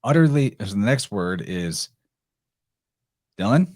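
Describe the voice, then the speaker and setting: A man hosting a podcast, reading old prophetic verse aloud in a slow, solemn way and explaining it. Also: lowish voice, animated, darkish tone, dry recording, studio quality. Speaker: podcast host.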